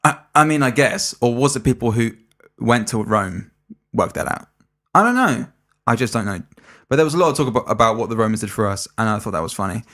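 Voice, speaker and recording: A man's voice: mid-range voice, expressive, brisk, fairly bright tone. A man co-hosting a casual movie podcast, explaining scenes in a rambling, chatty way. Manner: rambling, explains jokes at length with acted quotes. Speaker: podcast co-host. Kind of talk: casual chat.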